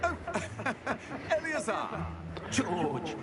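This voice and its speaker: Wizard professor, genteel, encouraging, slightly high, loud game music. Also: male voice, wildly swooping pitch, very slow, heavily acted. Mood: warm. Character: kindly older male wizard professor. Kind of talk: video game voice acting.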